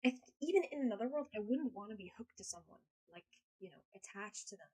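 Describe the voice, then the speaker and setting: A woman's voice: medium pitch, animated, fast, mellow, husky, poor audio. A woman chatting casually on a live stream, rambling, crude and self-mocking, swearing freely. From United States.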